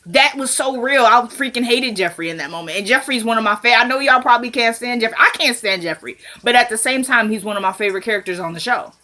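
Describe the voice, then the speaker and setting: A woman's voice: a little high, expressive, fast talker, sharp tone. A woman casually recapping a TV episode, retelling scenes with "he was like" and adding her own side comments.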